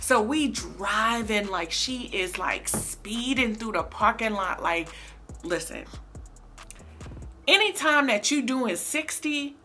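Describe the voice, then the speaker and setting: A young woman vlogger telling a casual storytime, animated and slangy, talking straight to her viewers. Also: fairly high pitch, slow pace, soft background music. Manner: animated, slangy, addresses viewers as baby and girl.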